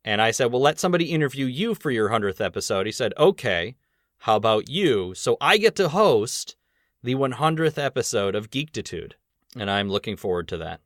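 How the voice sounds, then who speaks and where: A man's voice: medium pitch, very animated, fairly bright tone, no echo. Chatty male podcast host, dry sound. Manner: chatty, rambling, quick laughs. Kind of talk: casual podcast chat.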